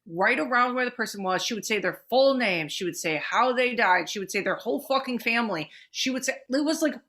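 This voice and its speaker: A woman co-hosting a podcast, telling stories in a loose, excited way, with plenty of swearing and "like" fillers. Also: a little high. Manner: swears freely, fast excited storytelling with many fillers. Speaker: podcast co-host. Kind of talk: casual chat.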